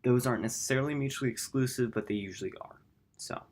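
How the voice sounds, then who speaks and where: A man hosting a gaming channel, talking through his upload plans in a rambling, self-correcting late-night vlog. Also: fast. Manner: quiet, low-key.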